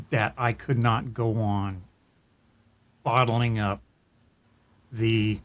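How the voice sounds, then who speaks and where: Earnest middle-aged man telling his story. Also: fairly low pitch. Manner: earnest and reflective, with frequent restarts. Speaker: podcast co-host. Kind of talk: personal storytelling in casual chat.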